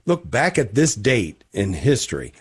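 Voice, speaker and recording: A man's voice: mid-range voice, sing-song, measured pace, slightly rough. A man co-hosting a casual morning radio show, reading history items with wry jokes and some stumbles. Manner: joking, wry asides; reads segments with stumbles. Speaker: radio co-host.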